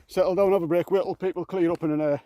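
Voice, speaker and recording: A man vlogging casually while hiking up moorland outdoors, out of breath and speaking haltingly with lots of fillers. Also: high voice, steady tone, dark tone, no room sound. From England. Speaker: camping vlogger.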